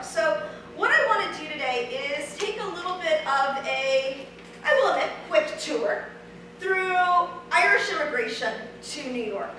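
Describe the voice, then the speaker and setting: A high-voiced, sharp-toned history lecturer from Ohio, USA, gives a public lecture in a large church hall, friendly and conversational with many ums. The recording is very echoey, with a distant mic and faint noise.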